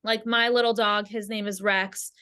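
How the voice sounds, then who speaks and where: A woman explaining her ideas calmly on a podcast, speaking over a video call. Her talk is steady and reflective, with a spiritual bent. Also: mid-range voice, normal speed, clear, resonant tone. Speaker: podcast guest. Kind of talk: casual chat.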